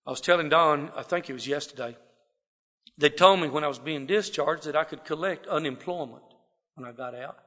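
A man's voice: a little high, fairly quick, a bit bright, big-room sound. A man from South Texas with a Southern drawl, telling his life story in a folksy, rambling way full of fillers. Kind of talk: personal testimony talk. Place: wooden building, to a gathered audience.

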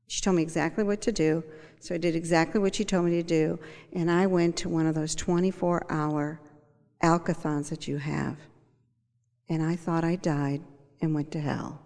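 Casting: older woman, gravelly, candid testimony style, reverberant hall. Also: lowish voice, flat delivery, normal speed, a little mellow. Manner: candid storyteller, acts out quoted voices. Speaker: speaker sharing her recovery story. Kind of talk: personal testimony.

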